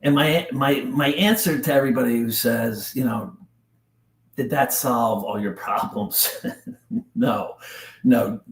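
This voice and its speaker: Middle aged guy from jersey telling his story real slow and intense, kinda echoey room. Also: mid-range voice, creaky. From New Jersey. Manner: intense, halting, casual slang like dude and bro. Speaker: podcast guest. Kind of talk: emotional personal storytelling. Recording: roomy echo.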